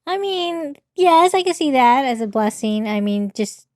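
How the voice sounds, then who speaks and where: A woman's voice: high voice, expressive, unhurried, studio quality. A woman co-hosting a podcast in casual chat, a supportive listener who echoes and affirms. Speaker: podcast co-host.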